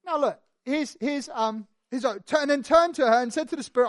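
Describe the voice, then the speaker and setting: A preacher giving a sermon, telling the story in an animated, conversational way with lively asides. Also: high-pitched, normal speed, few pauses, no echo, studio quality.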